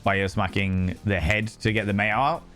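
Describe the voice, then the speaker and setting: Man hosting a casual live stream, answering chat in a loose, sweary way, with a lowish voice and faint music behind. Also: little pitch movement, moderate pace, a bit bright. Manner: chatty, loose, swears casually, frequent fillers.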